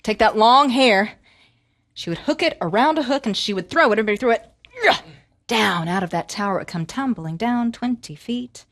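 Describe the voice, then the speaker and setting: A woman storyteller with a bright, slightly high voice leads a fairy tale for children, animated and prompting everyone to join in. The recording is close and dry, with no room echo. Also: moderate pace.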